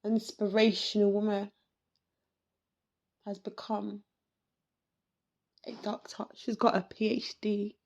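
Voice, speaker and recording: A woman hosting a podcast, talking slowly and reflectively in an emotional personal monologue, close to tears and repeating herself as she searches for words. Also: mid-range voice, level tone, vocal fry, a little mellow, dull audio. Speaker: podcast host.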